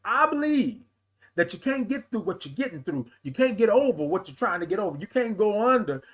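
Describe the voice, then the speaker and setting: A man hosting a live morning talk stream, lively and playful, greeting viewers by name and calling them "y'all". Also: high voice, fast talker. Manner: lively, playful, sing-song with laughs and calls of "y'all". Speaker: livestream host.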